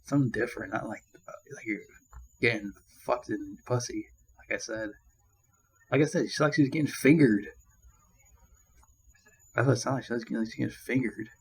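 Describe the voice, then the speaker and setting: A man's voice: mid-range voice, fairly even intonation, normal speed, long pauses, slightly rough, poor audio. A man giving a casual movie review, rambling and ranting with constant swearing and crude jokes. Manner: crude, profanity-laden rambling; annoyed ranting.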